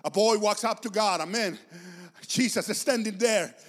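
A man's voice: high-pitched, moderate pace, a bit bright, big-room sound. A man preaching a sermon with passion and emphasis, repeating phrases to drive his points home.

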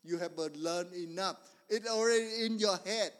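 A man preaching a sermon in earnest, repetitive, non-standard English, swinging between loud emphasis and quiet storytelling. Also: high voice, moderate pace. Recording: long reverb of a large hall.

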